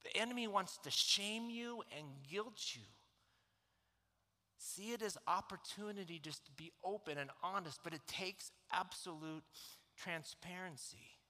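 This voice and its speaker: A man's voice: high voice, measured pace, pushed and bright. A middle-aged man preaching a sermon as pastor, telling a personal story in an earnest, openly emotional way. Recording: long hall reverb.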